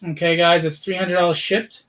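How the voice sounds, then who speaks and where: A man hosting an online charity art auction, talking in an energetic, persuasive way with frequent fillers. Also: high voice, fairly quick. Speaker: auction host. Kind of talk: charity livestream pitch.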